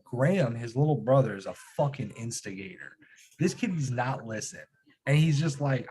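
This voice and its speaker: A man in his thirties hosting a live stream, telling a profane, animated story in casual chat. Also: mid-range voice, normal speed.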